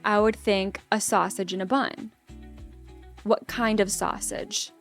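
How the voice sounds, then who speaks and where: Rambling chatty woman streamer, gravelly. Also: medium pitch, steady tone, slow pace. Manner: rambling, self-interrupting, chatty. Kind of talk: casual chat with live chat readers. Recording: faint guitar music behind. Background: faint guitar music.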